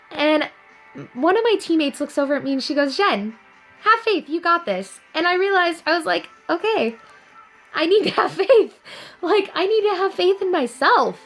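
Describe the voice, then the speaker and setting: Young woman with a high bright voice, talking to viewers, upbeat and earnest. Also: normal speed, soft background music, rough recording. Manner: earnest, upbeat, animated storytelling. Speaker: vlogger. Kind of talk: casual inspirational talk to viewers.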